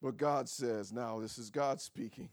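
A male pastor preaching a sermon, shifting from shouted lines to low quiet asides and laughing often. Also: unhurried.

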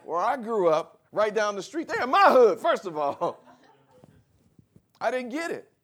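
A man preaching a sermon in a lively, conversational way, acting out bits of everyday talk. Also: sits high, a little slow.

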